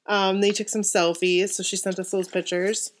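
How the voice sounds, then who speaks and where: A woman co-hosting a podcast, talking in a loose, chatty way full of fillers. Her voice sits at a middle pitch, and she reads listener stories aloud between bits of conversation. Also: flat delivery, moderate pace, slight background noise. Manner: chatty, many fillers, gets emotional. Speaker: podcast co-host. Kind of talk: casual chat, reading listener stories aloud.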